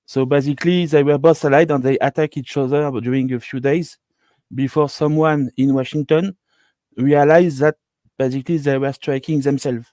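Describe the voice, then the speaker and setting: A man's voice: mid-range voice, steady tone, normal speed, mellow, no room sound. A man calling in to a stream, earnestly telling a story with careful phrasing over a video call. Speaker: caller. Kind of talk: casual storytelling.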